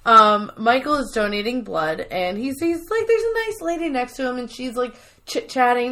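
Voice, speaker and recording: Co-hosting a casual podcast, a woman chattily recaps a TV episode, acting out its lines in different voices. Her voice is on the high side with big pitch swings, pushed and bright, at a moderate pace with few pauses.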